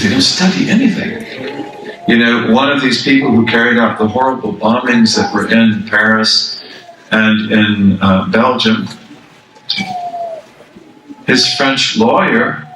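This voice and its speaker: A man's voice: mid-range voice, normal speed, sharp tone, distant mic, slight background noise. An older man, an Islamic scholar, giving a conversational religious lecture, repeating phrases for emphasis and asking the audience questions. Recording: echoey room, speaker away from the mic.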